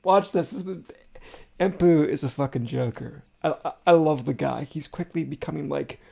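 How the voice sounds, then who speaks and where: A man hosting a casual music reaction, talking in an excitable rush full of fillers and swearing. His voice sits a touch high and has a gravelly edge. He rambles as he explains what he hears. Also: moderate pace.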